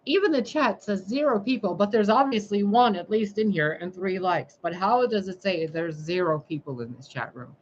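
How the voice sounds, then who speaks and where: A woman's voice: mid-range voice, animated, moderate pace, few pauses, muffled recording, slight background noise. A woman livestreaming a blunt, sarcastic monologue, scolding her viewers and swearing freely. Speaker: spiritual livestreamer.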